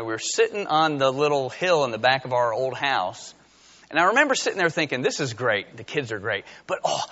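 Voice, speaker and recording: A man's voice: a little high, pushed and bright, big-room sound, lo-fi sound. A middle-aged man preaching a conversational sermon as pastor, building to emphatic peaks.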